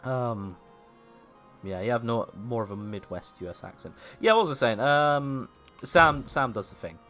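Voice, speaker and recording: Animated man chatting on stream. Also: mid-range voice, unhurried, soft background music. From English Midlands. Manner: chatty, laughs often, reads and answers chat aloud. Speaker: livestream host. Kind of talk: casual gaming livestream chat.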